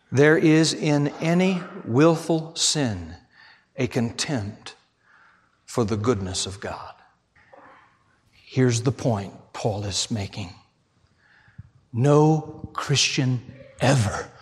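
A man preaching a sermon as pastor, swinging between shouted passages and hushed, near-whispered ones. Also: medium pitch.

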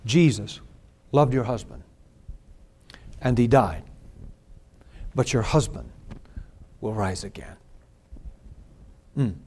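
A man preaching a sermon, reading scripture and swinging from hushed, slow lines to loud, drawn-out emphatic ones. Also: medium pitch, animated, husky. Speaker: pastor.

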